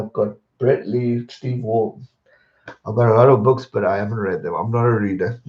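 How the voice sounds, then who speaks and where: A man hosting a livestream, casually chatting and answering viewers' questions with a rambling, relaxed manner. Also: fairly low pitch, echoey room, highs cut off. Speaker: livestream host.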